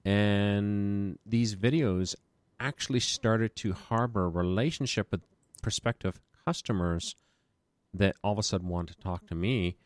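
A man's voice: fairly low pitch, unhurried, clear, resonant tone, dry recording. A man who runs a small business, chatting casually and rambling through stories with a self-deprecating humor. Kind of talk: casual podcast conversation.

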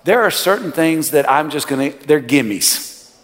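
A male pastor preaching a sermon, swinging from loud rising lines to quiet low ones. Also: expressive, normal speed. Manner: preaching with sudden loud rises and quiet drops. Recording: long hall reverb.

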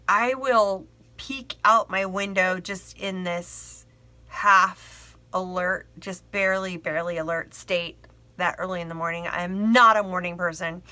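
A woman's voice: mid-range voice, sharp tone, no echo. A woman telling a personal story in a rambling, frank way with lots of fillers and the odd swear.

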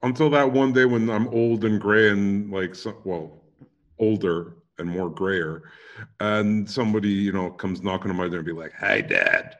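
A man's voice: fairly low pitch, steady tone, highs cut off. A man joking and bantering in casual talk, trading quips with the others. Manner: joking, slow, gravelly.

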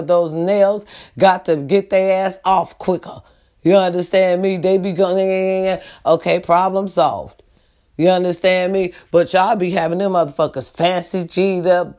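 In a fairly low, slightly mellow voice, a female vlogger rants casually at her viewers. She's blunt and profane, and she keeps asking whether they understand her.

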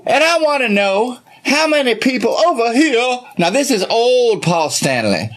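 A man's voice: very high-pitched, sing-song, a little slow. A man hosting a comedy show, hamming it up in a put-on Southern belle voice, flustered and laughing.

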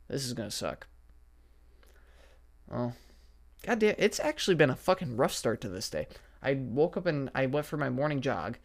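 A man's voice: medium pitch, a bit bright. Profane young man ranting on a podcast. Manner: profane, exasperated, rambling. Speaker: podcast host. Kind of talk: casual solo podcast rant. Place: basement at home. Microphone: podcast setup microphone.

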